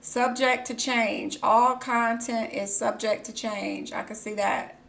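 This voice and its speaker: A young woman live-streaming, chatting casually and reacting excitedly, gasping and squealing, then muttering quietly to herself. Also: on the high side, slow pace, vocal fry.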